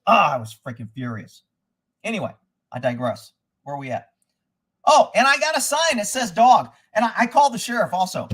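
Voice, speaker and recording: A man with a high-pitched voice hosts a livestream and launches into angry, rambling rants full of profanity. Between rants he reads out where viewers are tuning in from and what they are saying. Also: big pitch swings, a little fast, fairly bright tone, slightly rough. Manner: reads out viewer locations and comments. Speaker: livestream host. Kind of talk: ranting livestream monologue.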